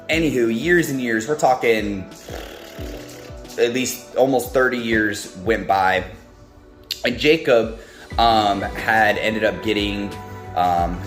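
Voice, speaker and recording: Man with a relaxed devotional storytelling style, rambling, in a roomy room with faint music under it. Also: on the low side. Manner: rambling, full of ums and restarts. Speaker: speaker of a devotional talk. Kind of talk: casual Bible storytelling.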